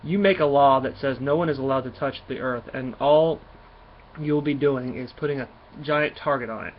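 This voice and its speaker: A man's voice: mid-range voice, moderate pace, lo-fi sound, a little hiss or hum, natural voice. A man reading the lines of a sarcastic grown son from a comic, in an everyday voice. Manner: sarcastic, read aloud from a comic. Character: defiant grown son, sarcastic space adventurer.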